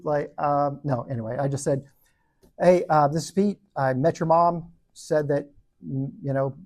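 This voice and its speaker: Husky joking man telling a story. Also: on the high side. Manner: joking, animated, acts out quotes. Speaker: Bible study teacher. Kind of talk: storytelling talk to a group.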